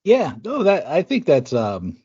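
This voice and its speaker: A man's voice: a little high, wildly swooping pitch, a little slow, dark tone, husky, dull audio. A man hosting a podcast, chatting casually and rambling through his stories before getting to a question. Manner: rambling, chatty, laughs easily. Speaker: podcast host. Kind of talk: casual interview chat.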